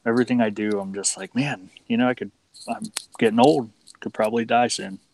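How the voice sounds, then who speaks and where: A man's voice: on the low side, fairly even intonation, brisk, a little mellow, a little hiss or hum. A man in his thirties, a stream guest, talking casually with hesitant, rambling phrasing. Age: 30s. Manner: rambling, hesitant, many fillers. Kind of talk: casual live-stream chat.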